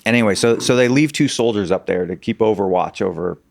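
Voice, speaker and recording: A man speaks low and a little gravelly, chatting as a podcast guest. He talks haltingly, with plenty of fillers and restarts. The sound is dry and close, with no room around it. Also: no echo. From Arizona. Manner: hesitant, many fillers and restarts. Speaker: podcast guest, political consultant. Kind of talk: casual storytelling.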